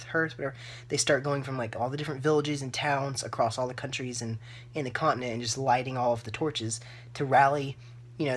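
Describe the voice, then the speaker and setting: A woman's voice: very deep voice, husky. A woman book vlogger reacting live to her reading, emotional and gushing, close to tears and full of "like" fillers.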